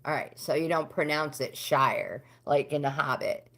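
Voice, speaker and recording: A middle-aged American woman hosting a casual livestream, chatting with viewers and answering their comments. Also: brisk. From United States. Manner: chatty, talks back to comments, pitch swings up when animated. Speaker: livestream host.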